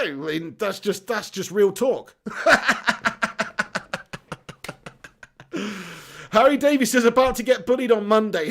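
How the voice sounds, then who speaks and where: A man's voice: high-pitched, vocal fry. A man hosting a football live stream, reading out chat comments in a chatty way, laughing and swearing casually. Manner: chatty, laughs often, swears casually, says mate a lot.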